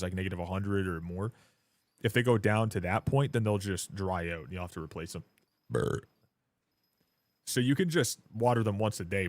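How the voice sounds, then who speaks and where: A lower-pitched man chats loosely through a live game stream, rambling and swearing freely. His voice sounds dry and close, with hardly any room around it, and he gets loud and hyped when he thanks viewers. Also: no room sound. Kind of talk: casual live-stream chat while gaming.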